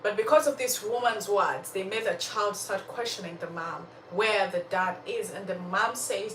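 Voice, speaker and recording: A woman's voice: medium pitch, moderate pace, hardly any pauses, a bit bright, roomy sound, far from the mic, a little hiss or hum, low-quality recording. A woman telling a story with lessons about faith, talking animatedly, laughing often and speaking straight to her listeners.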